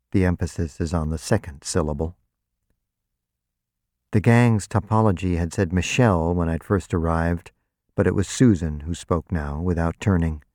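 A man narrates a novel in the first person, with a measured, even and dry delivery. His voice is very low. The recording is dry and close, with no room sound. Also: no echo. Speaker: audiobook narrator.

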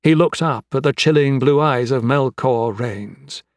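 A man reads a fantasy novel aloud in a measured, dramatic audiobook style. His voice sits at an ordinary middle pitch, and the recording is dry and close with no room sound. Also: no room sound. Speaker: narrator. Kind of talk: audiobook narration.

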